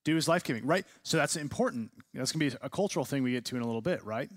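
A man's voice: medium pitch, expressive, rapid-fire, no room sound. Man teaching a class, dry sound. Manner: asks the class many questions. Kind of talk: classroom lecture.

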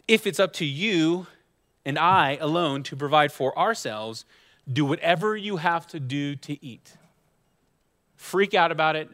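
A man's voice: medium pitch, a bit bright. Conversational man preaching a sermon. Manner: conversational preaching with asides and rhetorical questions. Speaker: guest pastor.

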